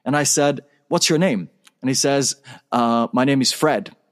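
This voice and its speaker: A man's voice: mid-range voice, unhurried. A man guesting on an interview show tells a story with energy. He acts out the conversation, switching between his own lines and the other person's.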